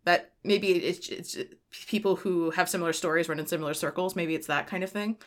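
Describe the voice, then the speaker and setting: A woman's voice: fairly low pitch, steady tone, fairly quick. A woman hosting a podcast in casual chat, rambling with lots of "like", laughing and swearing freely. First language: Spanish. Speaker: podcast host.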